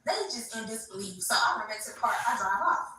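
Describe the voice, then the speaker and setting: Woman, livestream host, animated slangy storytelling, bright voice, echoey room, distant mic. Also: medium pitch, fast, a little hiss or hum. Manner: animated, slangy, addresses viewers as y'all. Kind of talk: casual storytelling to viewers.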